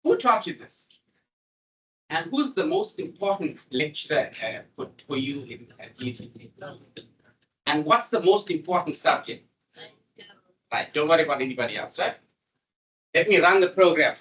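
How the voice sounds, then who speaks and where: A man giving a classroom programming lecture, animated and repetitive as he coaxes his students along. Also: on the high side, muffled recording. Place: lecture room. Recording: voice distant from the mic.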